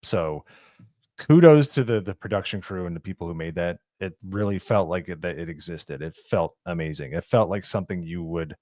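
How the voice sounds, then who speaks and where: Low-voiced enthusiastic male movie reviewer. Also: moderate pace, mellow, no echo, clean studio sound. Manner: enthusiastic, gushing, lots of "like". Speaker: co-host of a movie review show. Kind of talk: casual movie review chat.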